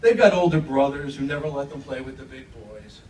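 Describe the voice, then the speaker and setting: A man doing stand-up comedy, telling jokes in an animated way and acting out the characters' voices. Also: mid-range voice, a little fast, a little hiss or hum. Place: comedy club stage. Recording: echoey club room from a distance.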